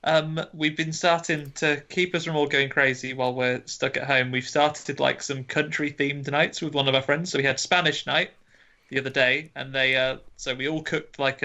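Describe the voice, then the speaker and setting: Male co-host, bright tense tone, rambling casual delivery, muffled lo-fi recording. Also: medium pitch. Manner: rambling, hesitant, lots of fillers. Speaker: podcast co-host. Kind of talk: casual chat.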